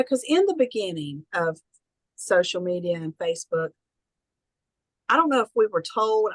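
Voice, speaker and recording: A woman's voice: mid-range voice, no echo, poor audio. Chatty Southern woman coaching. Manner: folksy, encouraging, chatty. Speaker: business trainer. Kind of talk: online training call.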